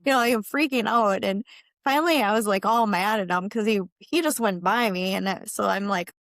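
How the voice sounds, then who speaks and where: A nurse guests on a podcast, telling stories casually in a mid-range voice with lively intonation at normal speed, in studio quality with no echo. She's chatty, laughing and acting out her own reactions.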